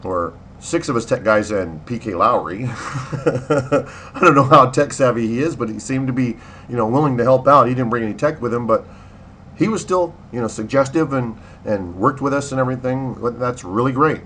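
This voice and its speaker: Guy in his 50s rambling through a story, bright edgy tone, little hiss behind him. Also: mid-range voice, brisk. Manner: rambling, animated storytelling with laughs and acted-out quotes. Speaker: video blogger. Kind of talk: casual spoken diary.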